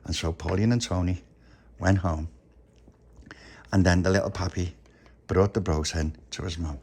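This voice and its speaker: Guy telling a bedtime story, gravelly voice, chatty and homely. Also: deep voice, fairly even intonation, moderate pace, a little mellow.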